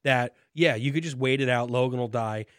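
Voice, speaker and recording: Man co-host, animated and jokey, in a dry room. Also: medium pitch, a little fast, no echo. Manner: animated, jokey, acts out lines from the show. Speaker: podcast co-host. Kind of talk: casual chat.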